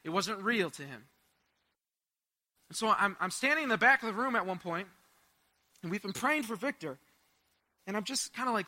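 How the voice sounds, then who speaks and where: Young male preacher, high and very bright tone, animated storyteller. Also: fairly quick, pauses often. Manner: animated storytelling with laughs and asides. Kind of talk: sermon with personal story.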